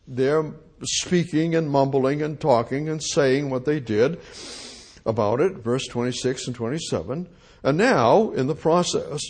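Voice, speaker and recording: Slow, husky-voiced man preaching a sermon. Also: medium pitch, darkish tone. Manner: repetitive, rhetorical questions to the congregation. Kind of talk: expository sermon.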